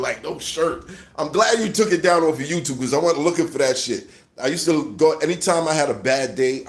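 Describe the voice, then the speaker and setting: A man telling a mocking story in a loud, animated way, laughing often and shouting at times. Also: a little high. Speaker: host. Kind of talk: casual storytelling rant.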